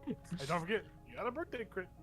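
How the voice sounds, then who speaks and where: Male game master: bright, slightly high voice, improvised and rambling. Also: big pitch swings, fast talker, soft background music. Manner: loose, rambling, laughs often. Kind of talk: improvised tabletop narration.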